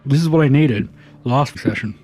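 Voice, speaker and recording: A man's voice: mid-range voice, normal speed, dark tone, slightly rough. A man playing a tabletop game, laid-back and joking between rolls. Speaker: player.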